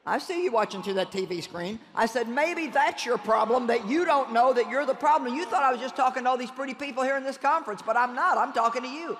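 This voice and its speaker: A woman's voice: high voice, lively intonation, quick pace, hardly any pauses, slight background noise. A woman preaching a sermon to a conference crowd, addressing listeners directly and emphatically with laughing asides. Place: large conference hall. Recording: long reverb in a large hall.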